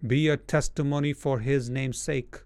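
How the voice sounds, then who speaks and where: A man's voice: medium pitch, steady tone, moderate pace, no room sound. A man preaching a sermon, hammering repeated commands and mimicking whining people. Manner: forceful, repetitive exhortations, mocking whiny voices.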